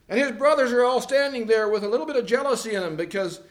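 A man with a notably high voice preaches in a church, possibly. He tells the story in his own words and jumps into different voices for the people in it. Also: quick pace, few pauses. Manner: animated retelling with voiced characters. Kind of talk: storytelling sermon.

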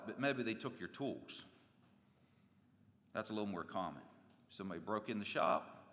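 Animated preacher, bright voice, echoing hall. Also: male voice. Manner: animated preaching, acting out voices with big swings in pitch and loudness. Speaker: pastor. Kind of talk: sermon. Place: church sanctuary. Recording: long reverb of a church hall.

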